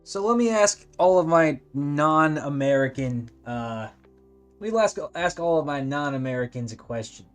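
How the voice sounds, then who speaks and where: A man's voice: on the high side, lively intonation, unhurried, clean tone, soft background music. A man from California with a Californian accent, chatting casually while he draws, rambling with lots of likes and restarts. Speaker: animation streamer. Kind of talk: casual chat while drawing.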